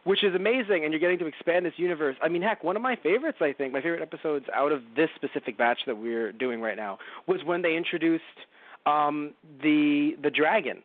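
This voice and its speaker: A man co-hosting a podcast, chatting casually and rambling through an anime review, often slipping into quick impressions of characters. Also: a little high, no room sound. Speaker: podcast co-host. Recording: dry, phone-like narrow sound.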